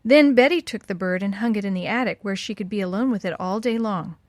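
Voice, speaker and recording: A woman narrating a children's story in an expressive, lilting read-aloud style. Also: mid-range voice, quick pace, dry recording.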